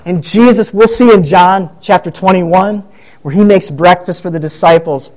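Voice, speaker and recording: A high-voiced man preaching in a relaxed, conversational way. He retells the story and slips into the voices of the people in it as he goes. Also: moderate pace, poor audio. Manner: conversational, acts out quoted voices. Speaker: pastor. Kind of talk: sermon.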